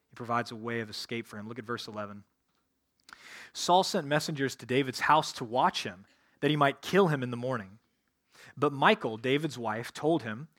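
A man as a pastor preaching a sermon, retelling scripture with lively, conversational asides. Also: mid-range voice.

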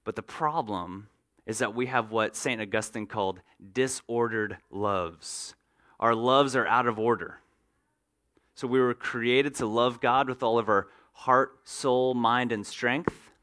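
Bright-voiced male pastor preaching. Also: medium pitch, unhurried. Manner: earnest preaching, acts out everyday scenes. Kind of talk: sermon.

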